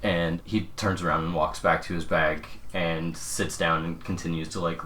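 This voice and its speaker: Deep-voiced man playing a tabletop game. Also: flat delivery, normal speed, pushed and bright, slight background noise. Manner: easygoing, casual with fillers. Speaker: player.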